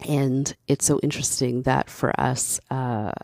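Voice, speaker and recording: A woman talks straight to the listener in a casual, opinionated commentary. Her voice is mellow and warm with a gravelly edge. She is candid and passionate, and she builds steadily toward emphatic points. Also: rumbling low, steady tone, measured pace, no room sound, clean studio sound.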